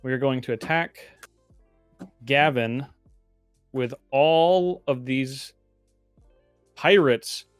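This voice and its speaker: A man's voice: mid-range voice, drawn-out words, long pauses, clear, resonant tone, no echo, soft background music. Guy on a video call running through his card plays, dry teasing humor, dead dry sound. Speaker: card game player. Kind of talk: casual game-play chat.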